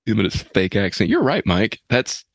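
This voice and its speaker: A man's voice: fairly low pitch, very animated, moderate pace, gravelly, dry recording. A man co-hosting a comedy podcast, dropping dry wisecracks in casual chat. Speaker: podcast co-host.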